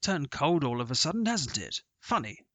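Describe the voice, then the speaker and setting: A man voicing a blustering older gentleman golfer who talks in clipped, jovial, brusque phrases. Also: fairly high pitch, big pitch swings, normal speed, no room sound, full character voice. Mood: puzzled.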